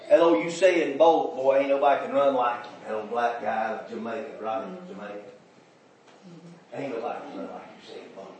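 A man preaching a folksy revival sermon, telling stories and building up to shouts. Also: medium pitch, heavy reverb, distant mic, slight background noise. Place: church sanctuary.

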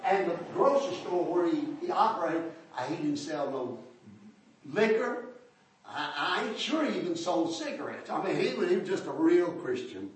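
High-voiced older preacher. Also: male voice, very animated, moderate pace. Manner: folksy storytelling, rising to shouts. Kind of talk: folksy testimony sermon. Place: church. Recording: echoey hall, far from mic.

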